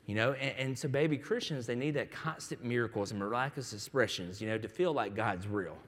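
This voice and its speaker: A man's voice: medium pitch, a little fast, fairly bright tone. A man preaching from the pulpit in a mid-range voice, his words ringing out with a long reverb around him. He tells stories in a conversational way, acting out the other people's lines as he goes. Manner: conversational storytelling with quoted voices. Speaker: pastor. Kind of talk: sermon.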